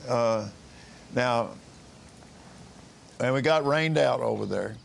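A male minister speaking in an unhurried, drawn-out way with a gravelly edge to his voice. He rambles through his thoughts with restarts and chuckles. He is talking outdoors in a backyard. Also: medium pitch. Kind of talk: casual broadcast preaching.

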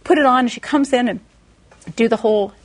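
A woman delivers a sermon built around a lively personal story. Her voice is fairly high and husky, and she throws herself into the quoted voices with big jumps in pitch. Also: a little fast. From Texas, USA. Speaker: preacher.

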